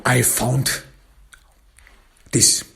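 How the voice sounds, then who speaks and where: A man's voice: very slow, fairly bright tone, a little hiss or hum. A man voicing an evasive, lying middle-aged man caught out, making nervous excuses.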